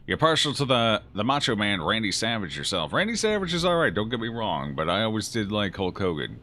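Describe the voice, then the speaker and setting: A man's voice: on the low side, wildly swooping pitch, brisk, pushed and bright. A man streaming a game, chatting casually and jokingly as he reacts aloud to his chat. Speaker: gaming streamer. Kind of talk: casual let's-play commentary answering chat.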